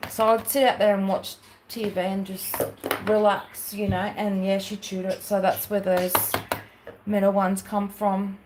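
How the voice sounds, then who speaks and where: A woman's voice: mid-range voice, a little hiss or hum. Chatty Australian woman rambling on a craft livestream. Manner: chatty and rambling, with many fillers and asides to viewers. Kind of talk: casual chat while crafting on a livestream.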